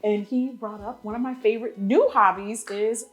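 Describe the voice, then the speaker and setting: A woman's voice: on the high side, steady tone, normal speed, soft background music. A woman host in her thirties from Nigeria, chatting casually with a playful, sassy manner. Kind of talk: casual chat.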